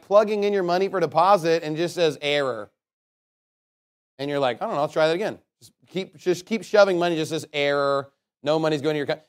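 High-voiced sarcastic male preacher. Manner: conversational, sarcastic, joking asides, loud scripture reading. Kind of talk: sermon.

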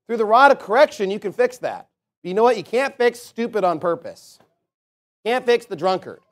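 A man preaching a sermon as a pastor, emphatic, swinging between loud declarations and quiet asides. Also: high-pitched, animated, normal speed.

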